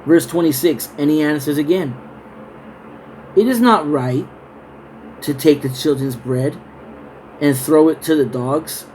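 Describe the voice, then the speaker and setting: A man reading Bible verses slowly, then explaining them in a loose, conversational way with casual asides. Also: a little high, a little mellow, slight background noise, poor audio. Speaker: Bible teacher. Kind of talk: scripture reading and casual Bible study talk.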